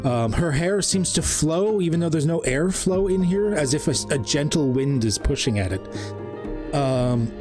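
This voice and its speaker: A man's voice: on the high side, expressive, measured pace, music in the background. A man narrating a tabletop game as game master, rambling with many ums and uhs.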